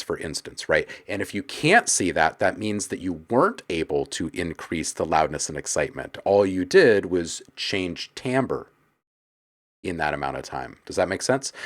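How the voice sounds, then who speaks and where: A man hosting a live stream, giving casual, frank feedback on listeners' music in a coaching tone, with plenty of fillers. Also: low voice.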